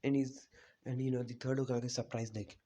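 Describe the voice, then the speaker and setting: A man's voice: medium pitch, flat delivery, a little fast, dark tone. A man casually retelling a fan story in a rambling, unpolished way, full of "you know" and "like". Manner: loose, unpolished delivery with restarts.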